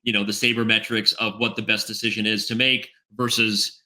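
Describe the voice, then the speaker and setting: A man's voice: lowish voice, level tone, quick pace, sharp tone. A middle-aged man talking as a guest on a podcast, in casual chat, thinking aloud and checking in with "right?" after his points. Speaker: podcast guest, chess executive.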